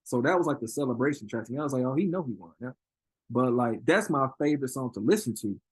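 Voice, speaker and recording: Husky guy, swoops up high when he quotes people, dry sound. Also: fast, dry recording. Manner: animated storyteller, acts out quotes in high voices, laughs a lot. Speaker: interview guest, rapper. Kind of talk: casual chat.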